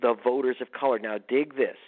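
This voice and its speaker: A man's voice: mid-range voice, fairly even intonation, a little fast. Emphatic man guest on a phone line. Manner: emphatic, punchy storytelling. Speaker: guest author. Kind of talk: radio interview, storytelling.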